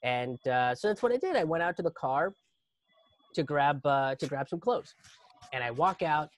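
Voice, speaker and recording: A young man telling a comic story live over a video stream, animated and profane, working himself up into exaggerated panic. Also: a little high, moderate pace. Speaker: comedian and storyteller. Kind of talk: live virtual comedy storytelling.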